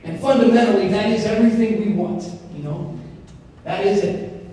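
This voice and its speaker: A man's voice: high-pitched, moderate pace. A young man giving a casual faith talk, telling stories with lots of fillers. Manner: animated storytelling with many fillers. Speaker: speaker on Christian formation. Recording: very echoey hall, mic far off, faint noise.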